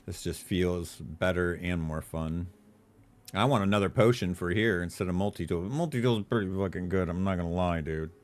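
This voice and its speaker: A man's voice: sits low, normal speed. Chill guy streaming a game, talks things out, cusses a bit. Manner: relaxed, thinking aloud, swears. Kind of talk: casual live-stream chat.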